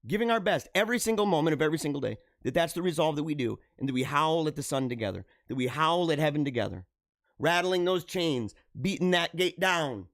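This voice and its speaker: A middle-aged man hosting a live show, talking earnestly and haltingly to his viewers, often repeating himself and restarting phrases. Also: fairly high pitch, animated, fairly bright tone, dry recording, studio quality. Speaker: livestream show host. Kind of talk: emotional personal monologue to viewers.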